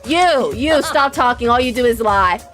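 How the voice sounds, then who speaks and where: A woman streams a visual novel, reading the lines aloud in a high voice and chatting dramatically with her viewers. Her delivery is animated, and faint game music plays behind her. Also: normal speed.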